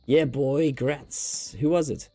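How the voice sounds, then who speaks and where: A man's voice: medium pitch, takes it slowly, mellow, soft background music. A man with a New Zealand accent hosting a casual gaming livestream, rambling and joking as he talks and laughs often.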